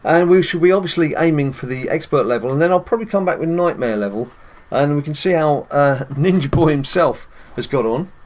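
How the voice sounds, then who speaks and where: A man's voice: fairly high pitch, animated, brisk, few pauses, a little mellow. A British man hosting casual gameplay commentary, chatty and addressing viewers directly, chuckling often. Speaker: gaming channel host.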